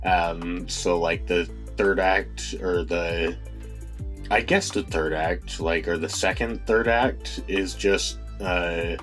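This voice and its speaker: Slow, low-voiced man reviewing a film. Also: steady tone, a bit bright, soft background music. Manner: hesitant, many fillers and restarts. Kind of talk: casual spoken film review.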